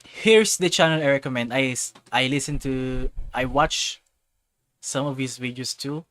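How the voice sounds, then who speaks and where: A man's voice: medium pitch, unhurried, fairly bright tone. A man chatting casually on a live stream, rambling and often restarting and repeating himself, speaking English as a second language. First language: not English.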